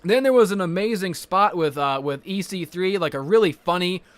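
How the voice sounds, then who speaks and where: A man giving a casual, rambling wrestling recap, profane and excitable. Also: sits high, moderate pace, no room sound. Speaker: wrestling vlogger.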